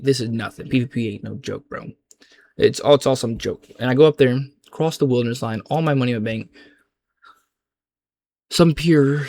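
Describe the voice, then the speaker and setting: Young man, casual gaming ramble, slangy and loose, average pitch, lots of restarts. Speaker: gaming vlogger.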